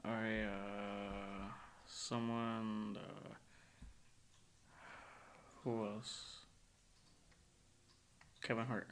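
A man's voice: lowish voice, little pitch movement, very slow, pauses often, a bit bright, slight background noise. A young man in casual podcast chat, playful and teasing, often laughing.

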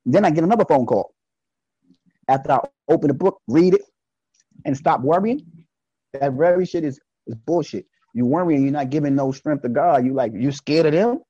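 Lively, husky-voiced man preaching casually. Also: on the high side, normal speed, no room sound, lo-fi sound. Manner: animated, preachy, acts out voices in quotes. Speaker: podcast guest. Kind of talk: casual podcast conversation.

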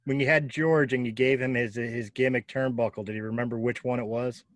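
A man's voice: mid-range voice, steady tone, a little fast, no room sound. Blunt storytelling man, dry sound. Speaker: interviewer, former wrestler. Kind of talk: casual conversation.

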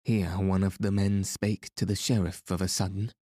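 A man reading a storybook aloud as narrator, in a measured, even way, close to the mic. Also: sits low, no room sound. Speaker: audiobook narrator.

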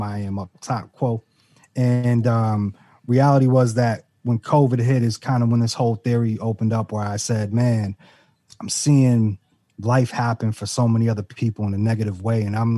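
A man, a rapper, calmly and earnestly telling the story of his group's album. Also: fairly low pitch, no echo. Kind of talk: casual interview.

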